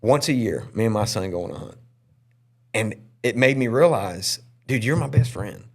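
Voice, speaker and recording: A man's voice: normal speed, vocal fry, slightly rough. A man who is a pastor and podcast host, telling a personal story in an earnest, emotional way. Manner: earnest and emotional, with lively pitch swings.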